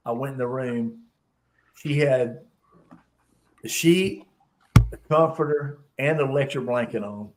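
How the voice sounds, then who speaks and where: A man's voice: medium pitch, a little slow, long pauses, a little hiss or hum. A man chatting casually on a live stream, laughing often and repeating himself. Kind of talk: casual chat.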